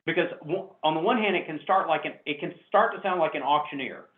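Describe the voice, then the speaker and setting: Sales trainer guy on a call, kinda high voice, tinny and echoey, animated coaching. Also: fast. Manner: animated, coaching with role-played customer exchanges. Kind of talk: teaching a sales class.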